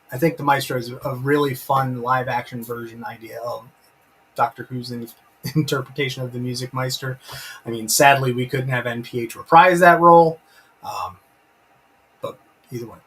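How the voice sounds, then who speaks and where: A man's voice: mid-range voice, a bit bright, a little hiss or hum, poor audio. A man hosting a casual live stream, enthusiastic and rambling, breaking off to read out chat comments. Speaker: live-stream host reviewing a TV episode.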